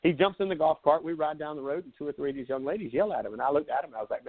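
This man's voice sits on the high side and comes rapid-fire, with hardly any pauses. He's a sports talk host in his forties from South Carolina, laid-back and sarcastic as he rambles through stories in casual live chat, heard through a thin phone-like line.

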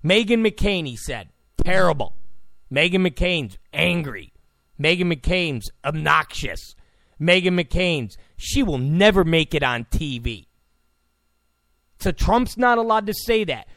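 A man's voice: fairly high pitch, sing-song, takes it slowly, vocal fry, a bit bright, no room sound. A man hosting a talk radio show, ranting in a sarcastic, mocking, abrasive tone.

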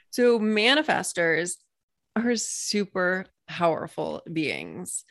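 An enthusiastic woman coach explaining concepts to an interviewer, painting vivid little scenes as she goes. Her voice is mid-range, neither high nor low. The sound is close and dry, with no room echo. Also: a bit bright. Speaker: Human Design coach, guest.

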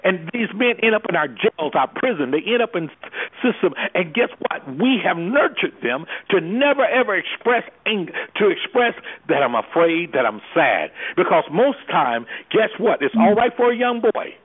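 Speaking on a call-in show through a tinny phone connection, a man who works in anger management argues passionately, preacher-style, and leans on rhetorical questions. His voice is high, slightly rough, very animated, and moderately paced.

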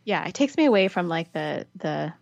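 A woman's voice: on the low side, lively intonation, normal speed, creaky, no room sound. Female podcast co-host, gabby and amused, lo-fi dry recording. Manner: chatty, laughs often, repeats "it's fantastic". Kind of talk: casual chat. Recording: dull lo-fi sound, dry.

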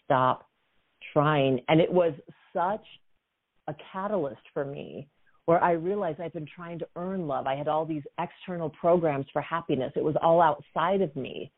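A woman in her fifties, a guest coach and author, telling a personal story in a lively way with many "you know" fillers. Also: low-pitched, normal speed. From United States. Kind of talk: storytelling in a conversation. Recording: phone-like narrow sound.

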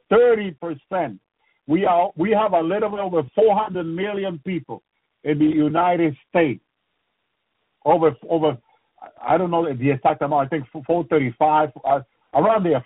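Male preacher, fervent and repetitive, husky high voice, tinny phone-like radio sound. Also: dry recording. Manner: fervent, repetitive, frequent "praise you, Lord" asides. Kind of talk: end-times radio preaching.

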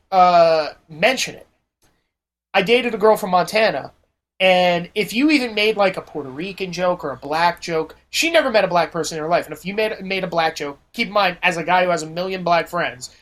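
A man from New Jersey hosting a podcast, chatting casually and telling blunt, profane stories with animated quoted voices. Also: sits high. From New Jersey, USA. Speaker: podcast host. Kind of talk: casual chat.

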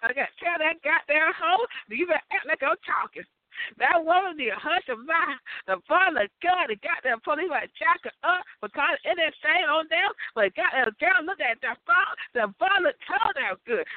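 A high-voiced woman rants in a loud, rambling comic monologue, swearing freely and breaking into laughter. The sound is thin and phone-like, close and dry with no room around it. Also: no echo. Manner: loud, profane, laughing often. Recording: tinny phone-like audio, dry.

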